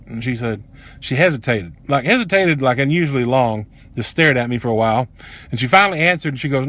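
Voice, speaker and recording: A man's voice: medium pitch, animated, quick pace, a bit bright. A middle-aged man, telling a personal story bluntly and with plenty of swearing. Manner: blunt, profane, heated. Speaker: vlogger. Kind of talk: casual storytelling.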